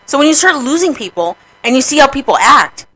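Bright-voiced woman radio host, candid. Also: sits high, big pitch swings, a little fast, low-quality recording. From New Mexico, USA. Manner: candid, profane, emotional about grief. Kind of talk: casual radio talk.

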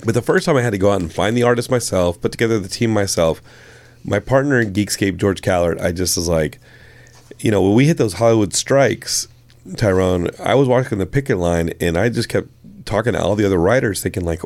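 A man with a fairly low voice chats as a podcast guest. He talks with eager, rambling enthusiasm about his work. The sound is dry and close, with no room around it. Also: fairly quick, darkish tone, dry recording. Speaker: comic book writer and filmmaker guest. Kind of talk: casual podcast interview.

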